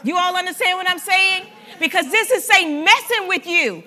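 A woman pastor preaching a sermon in an animated, conversational way, joking with and speaking directly to her congregation. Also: very high voice, moderate pace. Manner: animated, conversational preaching with humor and audience address.

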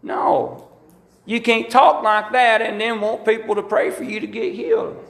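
A man's voice: high-pitched, normal speed, vocal fry. A middle-aged man preaching a sermon as pastor, telling folksy stories and acting out quotes. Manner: folksy, animated storytelling with acted-out quotes. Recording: echoey room.

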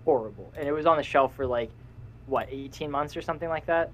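A man's voice: on the high side, fast talker, a little hiss or hum, poor audio. A young man co-hosting a casual podcast, rambling and cutting himself off, laughing often. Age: young adult. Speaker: podcast co-host. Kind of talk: casual chat.

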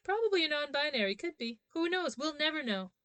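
A woman co-hosting a casual podcast, calmly explaining plot points and often laughing. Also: sits high, brisk, dry recording. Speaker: podcast co-host. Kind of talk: casual fan chat about an anime.

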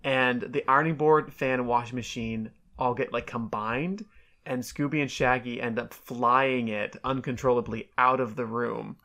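A woman's voice: extremely low pitch, steady tone, normal speed, fairly bright tone. A woman co-hosting a podcast, chatting casually and animatedly, laughing often. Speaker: podcast co-host. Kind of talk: casual chat.

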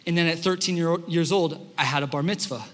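A young adult man preaching a sermon as a pastor in a church, telling stories in an animated way and acting out the quotes. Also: fairly high pitch, fairly quick. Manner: animated storytelling, acts out quotes. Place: church sanctuary. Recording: hall reverb.

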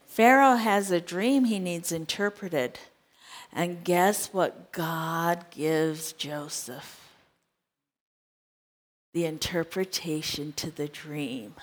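A woman's voice: lowish voice, takes it slowly. A woman preaching a sermon, telling a scripture story with drama and asking the congregation direct questions.

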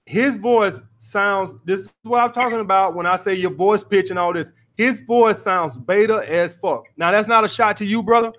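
A man's voice: high-pitched, moderate pace, hardly any pauses, fairly bright tone. A man hosting a call-in dating advice podcast, blunt and profane, repeating his points as he coaches a caller.

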